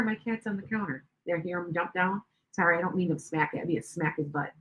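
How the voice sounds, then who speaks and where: A woman's voice: on the low side, fast, a bit bright, low-quality recording. An older woman talks loosely and at length, greeting viewers by name between stories. Her speech wanders, doubles back and restarts mid-sentence. She sounds like a psychic reader hosting a casual live stream. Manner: rambling, chatty, with many restarts and asides to viewers.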